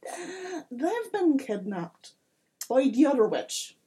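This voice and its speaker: A woman voicing a pushy, chatty male small-town mayor with a deliberately bad put-on accent. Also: high-pitched, big pitch swings, mellow, pitched above the performer's own voice, heavily acted.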